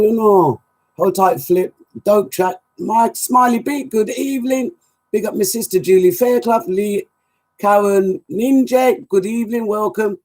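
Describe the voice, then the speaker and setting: Husky lively woman DJ over music. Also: on the low side. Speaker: radio show host and DJ. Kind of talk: casual live show chat with shout-outs. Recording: music playing underneath.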